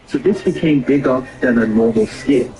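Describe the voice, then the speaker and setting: A man reading scripted commentary in an even, explanatory voice-over. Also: medium pitch, moderate pace, over music, low-quality recording. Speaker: commentary narrator.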